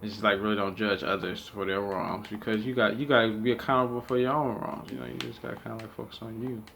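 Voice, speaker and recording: A gaming channel host gives casual gameplay commentary, rambling with heavy fillers, swearing, and laughing often mid-sentence. His voice is on the low side, creaky, and fairly bright in tone, delivered flat and fast. A little hiss or hum is audible.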